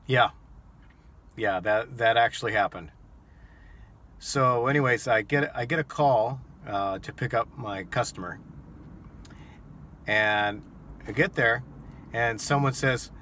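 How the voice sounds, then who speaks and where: A man's voice: mid-range voice, slow pace, pauses often, pushed and bright, slight background noise. A man who drives for a rideshare service, telling a story to camera in a casual, rambling way with many ums and repeated words.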